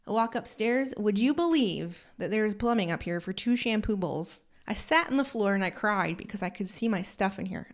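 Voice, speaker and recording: A woman who owns a hair salon, hosting a podcast and telling a rambling, animated, self-deprecating story from inside her salon. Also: medium pitch. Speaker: salon owner and podcast host. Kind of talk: casual storytelling monologue.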